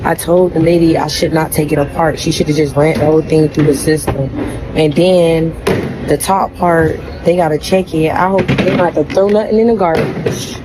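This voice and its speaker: Low-voiced exasperated woman at an airport. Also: fairly even intonation, moderate pace, heavy background noise.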